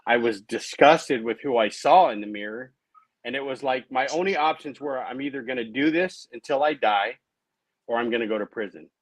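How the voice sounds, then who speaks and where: Man, late 30s, interview guest, personal recovery story, conversational, tag questions, mid pitch, dry close sound. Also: moderate pace, no room sound, rough recording.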